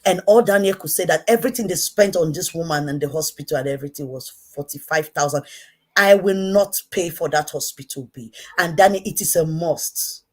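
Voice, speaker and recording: A woman with a Nigerian accent and a low, weighty voice delivers an impassioned rant straight to camera. She hammers each point by saying it twice, dropping to a quiet, pointed tone and then flaring up into shouting. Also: a little fast. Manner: repetitive, emphatic, swinging from quiet to shouting. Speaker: online commentator.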